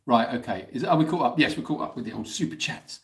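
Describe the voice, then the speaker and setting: A man's voice: medium pitch, animated, quick pace. A man hosting a casual live Q&A stream, chatting, teasing and reading out viewer messages. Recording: roomy echo.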